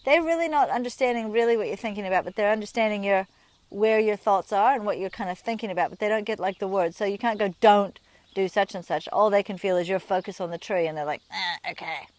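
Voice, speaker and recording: A woman's voice: medium pitch, fast, a little mellow, dry recording. A woman, a riding instructor talking outdoors from horseback, explaining things in a friendly, chatty way with everyday examples. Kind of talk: instructional talk while riding. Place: outdoors at a rural horse yard.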